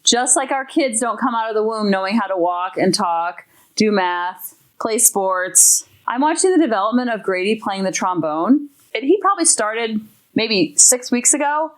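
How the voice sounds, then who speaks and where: A woman's voice: a little high, animated, moderate pace. A woman hosting a parenting podcast, talking in an emphatic, enthusiastic way. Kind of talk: podcast talk.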